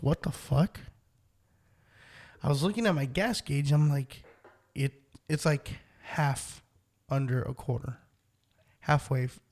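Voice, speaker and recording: A man's voice: mid-range voice, vocal fry. A man co-hosting a podcast, telling a profane story in casual chat and acting out his own lines. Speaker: podcast co-host.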